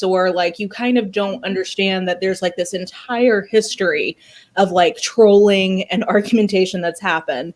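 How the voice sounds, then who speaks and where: Animated critical woman on a call. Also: medium pitch, normal speed. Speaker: book club panelist. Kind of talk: casual video call discussion. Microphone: video call.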